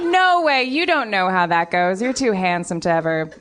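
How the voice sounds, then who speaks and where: A woman's voice: mid-range voice, sing-song, unhurried. A woman voicing a flirty woman who poses as a lost mother, talking in a giggly, flustered way.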